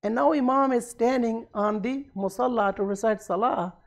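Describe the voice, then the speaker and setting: A man's voice: very high-pitched, moderate pace, creaky. A man preaching a sermon at a community centre, retelling a story and acting out its dialogue with rising emphasis.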